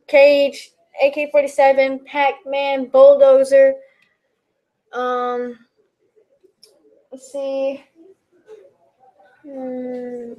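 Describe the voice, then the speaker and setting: High-voiced woman rambling through vlog Q&A. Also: a little mellow. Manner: rambling, many fillers and restarts. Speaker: YouTube backyard wrestling commentator. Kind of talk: casual Q&A vlog, reading and answering questions.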